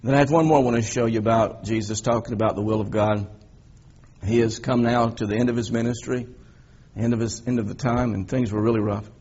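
A man preaching a sermon as a pastor, telling the story in an animated way and swinging between loud emphasis and quiet reflection. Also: mid-range voice, brisk, husky, highs cut off.

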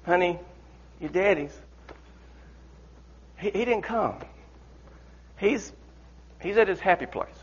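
A man's voice: sits high, slightly rough, full character voice. A man preacher voicing a grown man who hesitantly breaks bad news to a wife and child. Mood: hushed. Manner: hesitant, halting. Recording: dull lo-fi recording.

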